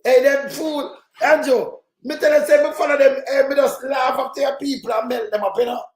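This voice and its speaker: A Jamaican man giving loud, mocking political commentary, often shouting. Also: very high-pitched, fairly even intonation, fairly quick, echoey room. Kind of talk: ranting commentary over clips.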